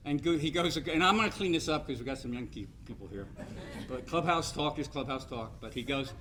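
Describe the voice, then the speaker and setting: A man's voice: on the high side, fairly quick, noisy background. Rambling older man telling banquet stories. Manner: rambling storyteller, self-deprecating jokes. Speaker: sportswriter giving hall of fame speech. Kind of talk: after-dinner speech with anecdotes.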